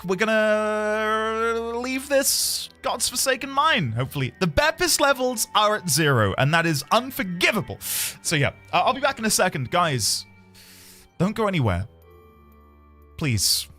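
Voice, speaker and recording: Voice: medium pitch, sing-song, a little slow, bright, forceful tone. A streamer playing a story game live, chatting to viewers and bursting into laughter and wails. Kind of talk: casual live-stream commentary. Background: game music.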